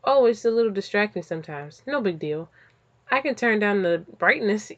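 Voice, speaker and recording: A woman's voice: medium pitch, lively intonation, normal speed, lightly acted. A woman reading as a sarcastic starship AI. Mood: teasing. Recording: slightly dull lo-fi audio.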